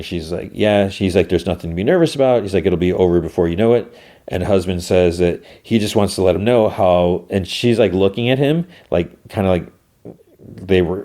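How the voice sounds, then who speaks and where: A man's voice: deep voice, warm tone. A man hosting a podcast, casually recapping a TV episode in a rambling way with lots of filler words. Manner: rambling, many filler words, acts out dialogue. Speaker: podcast host.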